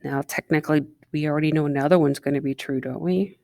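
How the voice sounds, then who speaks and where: A woman with a deep, dark, steady voice talks fast as she leads a recorded math lesson, chatting and posing questions to students while writing. The sound is dry and studio quality.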